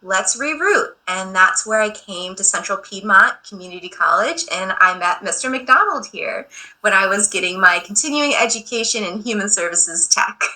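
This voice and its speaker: A woman in her thirties speaking as a guest on a radio interview show, candid and quick to laugh at herself. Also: medium pitch, pushed and bright, poor audio.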